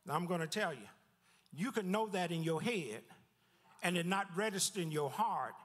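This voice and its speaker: Pastor guy preaching, high voice, lots of echo hanging in the church, repeats himself and dips way down. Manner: lively preaching with repeated words and sudden drops in pitch. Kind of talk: sermon. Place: church sanctuary.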